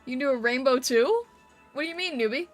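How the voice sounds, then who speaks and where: A high, bright-voiced woman chatting on a live stream, laughing easily as she reacts to her chat. She talks in a casual, playful way, with soft music running faintly behind her. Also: lively intonation, quick pace.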